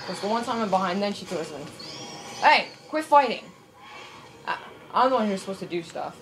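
A woman giving casual, excitable commentary over her own gameplay, yelping, shouting and swearing at the screen. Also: medium pitch, very fast, soft background music. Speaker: let's play gamer.

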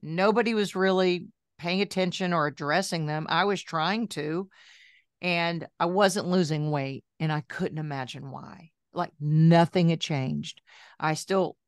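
Woman in her 60s, lowish voice, chatty storyteller w/ lots of asides, dry close sound. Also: unhurried, smooth, no echo. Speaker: guest, journalist and health coach. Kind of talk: casual storytelling interview.

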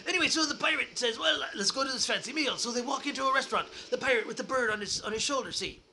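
A man's voice: extremely high pitch, quick pace, gravelly, sharp tone, a little hiss or hum. A man hosting his own show, telling a joke in a hammy pretend-pirate voice and chuckling along. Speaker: podcast host.

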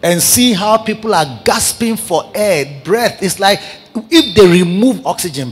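A man with a Ghanaian English accent, a bishop preaching a sermon in animated, repetitive bursts, calling out to his congregation. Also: high-pitched, unhurried. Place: large church hall. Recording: church hall reverb with congregation.

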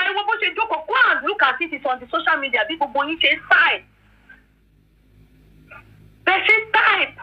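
A woman's voice: extremely high pitch, slight background noise. A woman, mixing English and as she emphatically scolds her commenters on a live stream. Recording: dull lo-fi live-stream audio.

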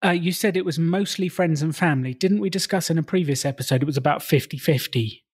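A man's voice: on the high side, fast, breathy edge. A man co-hosting a podcast as a coach, asking friendly questions and laughing along. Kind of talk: casual podcast chat.

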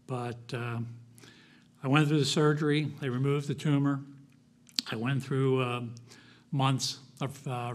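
A man giving a sermon at a church, telling his own story in a conversational, reflective way with frequent pauses and fillers. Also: mid-range voice. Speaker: guest speaker. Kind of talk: personal testimony sermon.

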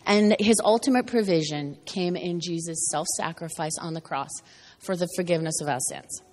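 A hoarse woman delivers a Sunday sermon with a faint rasp, speaking in an earnest teaching rhythm. Her voice sits a little low, and it rings with the long reverb of a church hall. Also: normal speed, darkish tone. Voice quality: slightly raspy. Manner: earnest teaching cadence with frequent "right?" asides. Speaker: preacher. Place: church sanctuary.

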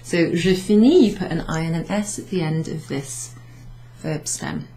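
A woman's voice: fairly low pitch, moderate pace, dark tone. A woman French teacher from Wales giving a casual, chatty summary lesson for beginners, self-correcting as she writes on a board. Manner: chatty, self-correcting, switching between French and English, light laughs. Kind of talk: recorded class summary lesson.

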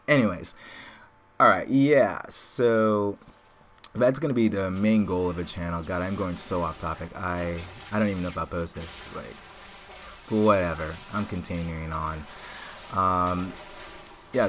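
An excitable man talks over his own gameplay in a fairly low voice, rambling and taunting the other players. He sounds like he is at a desk microphone, with a faint hiss of noise underneath. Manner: excitable, rambling trash talk at opponents. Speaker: gaming channel host. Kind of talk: live gameplay commentary.

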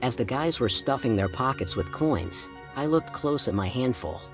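A man narrating a first-person audiobook in a steady storytelling manner. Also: medium pitch, normal speed, music in the background.

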